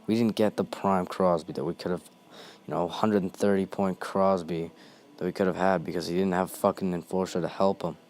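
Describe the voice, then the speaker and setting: A man's voice: deep voice, fairly even intonation, brisk, a little mellow. A young man hosting a ranting monologue, heated and blunt, swearing constantly.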